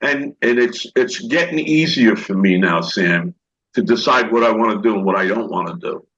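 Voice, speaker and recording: A man's voice: lowish voice, normal speed, fairly bright tone. An older man, an actor guest, telling rambling anecdotes and acting out what others said, with many restarts. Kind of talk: storytelling interview talk. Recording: dull lo-fi recording.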